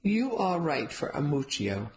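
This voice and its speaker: A woman's voice: low-pitched, big pitch swings, a little slow, darkish tone, full character voice, low-quality recording. A woman voicing a blunt elderly woman who speaks clipped, broken English.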